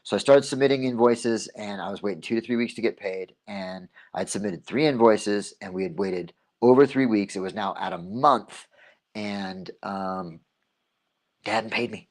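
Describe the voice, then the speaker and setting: A man's voice: on the low side, normal speed. A man hosting his own livestream show, telling a story in a casual, rambling monologue and repeating himself as he goes. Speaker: host of a local livestream show.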